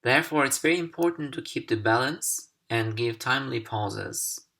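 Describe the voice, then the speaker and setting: A man teaching English over slides, speaking slowly and deliberately with careful pauses. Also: mid-range voice, pushed and bright. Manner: slow, deliberate, carefully paced. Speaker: English language instructor. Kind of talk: slide-based recorded lesson.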